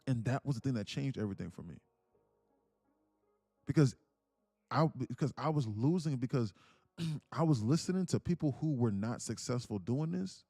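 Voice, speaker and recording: A man casually hosts a livestream, telling a long story with restarts and swearing. His voice is mellow and dry. Faint music plays behind him. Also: medium pitch, animated, normal speed, long pauses, no room sound. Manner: rambling, profane, full of restarts. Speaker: livestream host.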